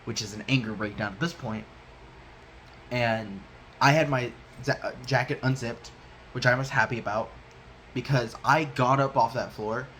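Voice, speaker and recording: A young man telling a personal story in a halting, rambling way, often correcting himself mid-sentence. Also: mid-range voice, a bit bright, a little hiss or hum.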